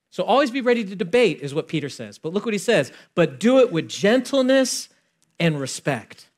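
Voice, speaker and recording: A fairly high-voiced young man preaching a chatty sermon. He talks like he is telling stories to friends, acting out both sides of conversations. His voice swings from loud, punchy emphasis to quiet, hushed asides. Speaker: pastor.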